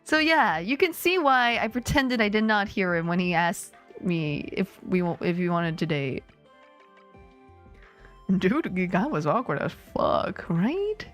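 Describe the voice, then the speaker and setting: Animated, foul-mouthed woman streamer. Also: lowish voice, unhurried, soft background music. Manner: animated, swears freely, laughs often. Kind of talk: casual livestream storytelling.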